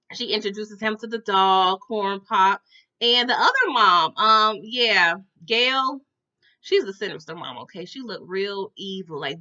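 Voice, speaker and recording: A woman's voice: mid-range voice, sharp tone, highs cut off. A woman recapping a show in a casual, chatty storytelling style, talking straight to her viewers and reacting big. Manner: chatty, addresses viewers as "y'all", exaggerated reactions. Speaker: episode recap host.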